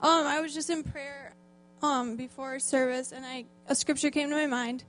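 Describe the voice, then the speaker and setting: A woman with a high voice stands up at a church service to share a heartfelt testimony. She speaks with emotion close to tears, pausing and hesitating as she reads a scripture passage. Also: steady tone, a bit bright, a little hiss or hum. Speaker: church program volunteer.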